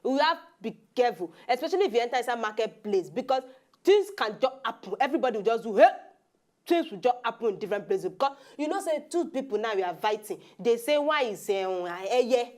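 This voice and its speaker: A woman with a Nigerian Pidgin accent, co-hosting a TV chat show and telling gossip in a quick storytelling manner. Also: a little high, expressive, a little mellow. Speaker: TV show co-host. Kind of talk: casual chat.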